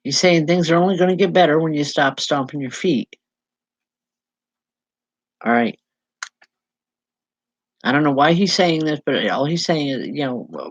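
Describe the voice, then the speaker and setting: A woman medium giving a live spiritual reading to viewers, speaking in halting, repeated phrases with soft reassurance. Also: sits low, lively intonation, breathy edge, no room sound, low-quality recording. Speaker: psychic medium.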